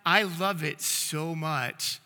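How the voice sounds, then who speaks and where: A male pastor with a fairly high, very bright and forceful voice delivers a conversational sermon. He tells stories earnestly, often restarting his sentences. His voice rings with the long reverb of a church sanctuary. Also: slow pace. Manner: earnest storytelling with frequent restarts.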